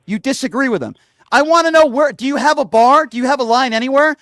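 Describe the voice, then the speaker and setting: A man's voice: very high-pitched, lively intonation, quick pace, fairly bright tone, dry recording. A middle-aged man hosting a radio call-in show, combative and insulting, hammering the caller with the same question. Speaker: radio talk show host. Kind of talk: heated call-in argument.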